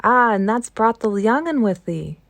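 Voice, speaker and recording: Woman doing a burly male station master, broad Yorkshire accent, rough and friendly, raised voice, dry sound. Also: on the high side, animated, normal speed, no room sound. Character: burly good-natured country station master, man.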